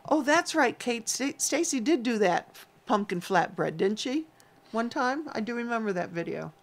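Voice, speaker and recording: A woman's voice: on the high side, sing-song, moderate pace. A woman co-hosting a casual livestream, teasing and chatty as she reads out viewer names and comments. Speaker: co-host of a homestead livestream. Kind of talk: casual live chat reading viewer comments.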